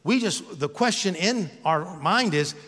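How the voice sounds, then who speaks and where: A man's voice: high-pitched, animated, unhurried, a bit bright, big-room sound. A man preaching a sermon as pastor, in a conversational, joking way with self-mocking asides, recorded in a church sanctuary.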